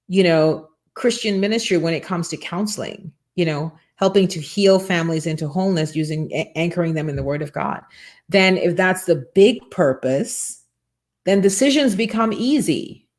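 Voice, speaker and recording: As a morning show host, a woman with a notably low, somewhat dark voice delivers a faith-based motivational talk at a moderate pace. Her fervent, preachy delivery leans on rhetorical questions and repeated words.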